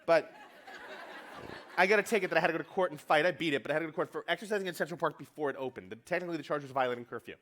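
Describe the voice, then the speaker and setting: A man's voice: on the high side, fairly bright tone. A man giving a comedic keynote to a conference audience, brash and profane, acting out quotes as he goes. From New York. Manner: fast, brash, joking, profane, acts out quotes. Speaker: keynote speaker.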